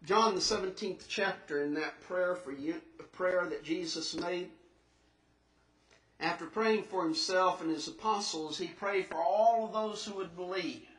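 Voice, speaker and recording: A man preaching a sermon in a church, earnest and emphatic, slowing down to stress scripture and rising into questions. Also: high voice, fairly bright tone, recorded from a distance. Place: church sanctuary. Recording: echoey church recorded from afar.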